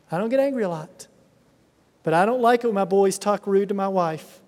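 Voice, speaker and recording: A man's voice: sits high, a little fast, darkish tone. A middle-aged man preaching a sermon as a pastor, earnest, with emphatic repetition. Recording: reverberant hall sound.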